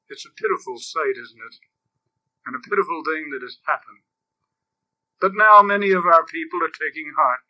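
A man preaching a sermon as a priest, grave and slow at times, lively and animated when he tells stories. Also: mid-range voice, no echo, poor audio.

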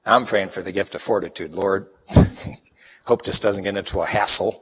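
A man's voice: low-pitched, moderate pace, breathy edge. A man from Chicago giving a sermon, telling folksy stories and acting out the people in them. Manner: folksy, animated anecdotes with acted-out quotes. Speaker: preacher. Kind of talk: sermon with storytelling. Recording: long hall reverb.

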